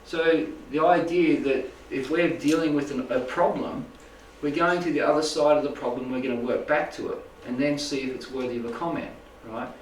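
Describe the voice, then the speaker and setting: A man's voice: medium pitch, steady tone, moderate pace, hardly any pauses, slight background noise. Rambling man in an echoey room. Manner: rambling, checks in with "right?" and "make sense?". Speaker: spiritual healing teacher. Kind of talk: informal talk to a small group. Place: indoor room with a live audience. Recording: echoey room, mic at a distance.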